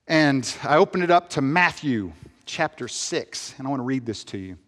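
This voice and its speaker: A man giving an earnest personal testimony, swinging between upbeat energy and hushed, heavy reflection. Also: mid-range voice, lively intonation, normal speed. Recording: long hall reverb.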